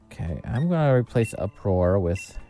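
A man streaming a video game, chatting casually and muttering asides to himself with quick bursts of cheer. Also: lowish voice, big pitch swings, warm tone. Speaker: VTuber streamer. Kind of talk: casual gameplay commentary. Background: faint background music.

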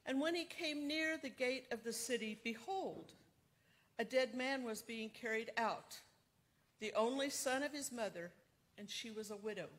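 A woman worship leader reading a scripture passage aloud in a slow, measured way. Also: fairly high pitch. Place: church sanctuary.

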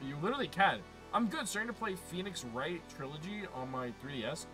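Fairly high-pitched and animated, a man talks quickly while streaming a game live over music. He keeps it casual, cracking jokes and reading chat messages aloud.

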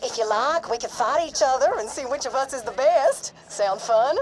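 A woman's voice: sits high, lively intonation, moderate pace, low-quality recording. A woman voicing a psychopathic biker boss in a video game, speaking in a falsely sweet, sugary way.

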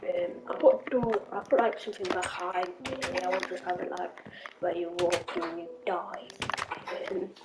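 A woman's voice: fairly low pitch, moderate pace, very noisy. A woman hosting her gaming channel, rambling to herself during play-along commentary and now and then dropping into whispers. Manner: rambling self-talk, dipping into whispers. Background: loud game music.

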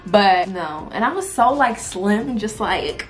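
A woman's voice: medium pitch, lively intonation, a little slow, faint music behind. A woman in her twenties chatting casually to camera as a vlogger, laughing often and swearing freely. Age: 20s. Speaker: vlogger reacting to old videos.

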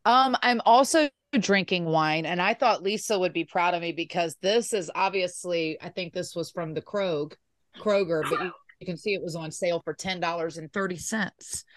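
Easygoing woman co-host, low voice, dry close sound. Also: normal speed, no room sound. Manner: easygoing, many short agreements. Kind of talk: casual chat over drinks.

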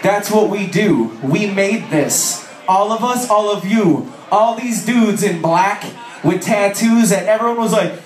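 A man shouting profane jokes in an echoey club. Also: sits high, unhurried, slight background noise. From Chicago area. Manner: loud, swearing, mock voices, shouting to the crowd. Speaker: author speaking at a music festival. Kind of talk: profane comic stage talk to a crowd. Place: festival stage at a bar venue. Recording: echoey live venue, mic heard from a distance.

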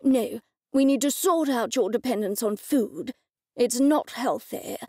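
A woman's voice: a little high, a little slow, a little mellow, no echo, studio quality. A woman voicing a pushy, preachy grown-up daughter in an audiobook, insistent in tone.

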